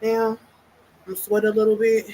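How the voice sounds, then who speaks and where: A woman's voice: fairly high pitch, monotone, normal speed, warm tone, slight background noise, poor audio. A woman vlogging casually, out of breath and venting bluntly with profanity. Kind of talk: casual personal vlog.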